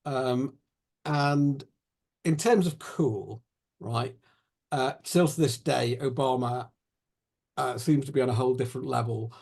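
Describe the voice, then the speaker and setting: A man's voice: mid-range voice, a little slow, vocal fry, pauses often, darkish tone. A man hosting a conversational interview, rambling and searching for his words as he asks questions. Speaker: host.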